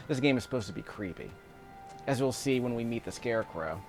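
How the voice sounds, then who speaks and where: Over faint background music, a YouTube commentator rambles through casual let's-play commentary, chuckling often as he plays. His mid-range voice has lively intonation and a darkish tone, and he talks fairly quickly.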